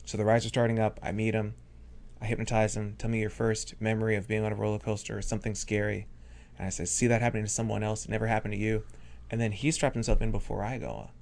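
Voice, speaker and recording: A man's voice: lowish voice, steady tone, fast talker, creaky, darkish tone. A man telling a story as a guest on a talk show, laid-back and amused. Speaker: hypnotist guest. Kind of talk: casual storytelling.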